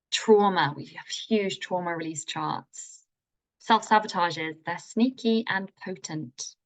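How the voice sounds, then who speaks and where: A woman leading a live online healing class, speaking in an enthusiastic, informal way with playful phrasing. Her voice sits in a middle pitch range for a woman. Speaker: healing workshop teacher. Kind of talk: live online masterclass teaching.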